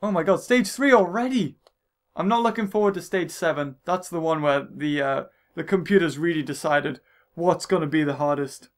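A man doing jokey gameplay commentary as a let's play host, excitable and often shouting at the screen. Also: a little high, normal speed. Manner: excitable and jokey, yelling at the game. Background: game music.

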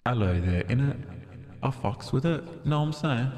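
Streamer putting on a deep, mellow, cocky British bloke through a voice effect, long reverb tail. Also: male voice, expressive, moderate pace, soft background music. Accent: put-on British. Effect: deepening voice-changer effect.

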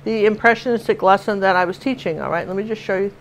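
A woman's voice: medium pitch, fast, lo-fi sound, a little hiss or hum. An older woman from Washington State giving a chatty live painting lesson, telling stories and laughing as she works. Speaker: painting teacher.

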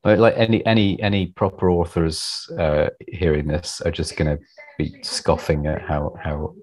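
A man's voice: deep voice, steady tone, moderate pace, a little mellow, poor audio. A man being interviewed about his writing, chatting casually and self-deprecatingly, with many restarts and repeated words.

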